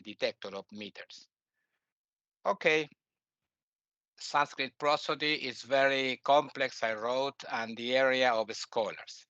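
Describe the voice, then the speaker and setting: A man lecturing as a teacher in halting, non-native English, with many fillers and restarts and quiet muttered asides. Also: a little high, clean tone, dry recording, dull audio. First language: Spanish. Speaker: teacher and author. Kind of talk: lecture on scripture.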